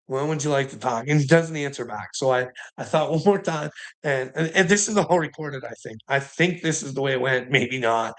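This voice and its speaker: A vlogger speaks straight to camera in a rambling monologue, swearing constantly, agitated and often breaking into laughter. His voice is medium in pitch with a moderate pace.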